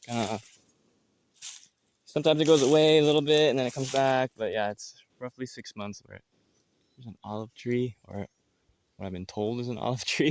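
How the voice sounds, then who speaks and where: Smooth-voiced man on a rambling farm tour. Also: mid-range voice, darkish tone. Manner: loose and meandering, with many fillers and restarts. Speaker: farmer giving a farm tour. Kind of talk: casual walking tour narration. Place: outdoors on a jungle farm.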